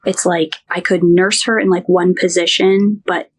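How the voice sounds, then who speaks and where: A woman's voice: on the low side, level tone, a little slow, slightly rough. A woman who works as a nurse, telling a personal story in a podcast interview in a chatty way, full of "like" and "he goes".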